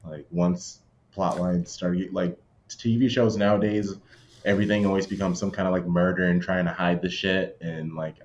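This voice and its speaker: A man's voice: deep voice, steady tone, normal speed, slight background noise. A man with an American accent hosting a podcast, talking in an easygoing, hesitant way full of fillers. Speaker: podcast host. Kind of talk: casual podcast chat. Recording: dull lo-fi audio.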